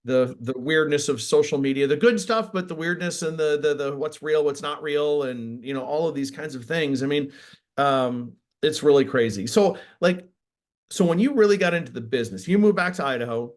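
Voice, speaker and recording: A man hosting a casual interview, enthusiastic and quick to react, with many restarts and fillers. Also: a little high. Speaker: interviewer host.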